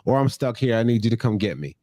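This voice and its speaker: A man's voice: mid-range voice, expressive, quick pace, no room sound. A young man co-hosting a comedy podcast, talking casually with profanity and jokey mock rants. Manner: profane, joking, slips into loud mock rants. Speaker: podcast co-host.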